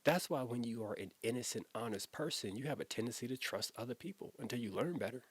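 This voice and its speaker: A man's voice: medium pitch, animated, fast, slightly rough, no room sound. A man, a former youth pastor, telling a personal story in an earnest, emotional, conversational way, often repeating himself as he talks.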